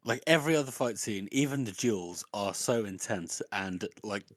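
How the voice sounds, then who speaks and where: A man with a very low, deep voice gives his blunt, profanity-laced opinions in a casual podcast chat. The sound is dry and close. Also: lively intonation, moderate pace, no echo. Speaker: podcast co-host. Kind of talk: casual book discussion.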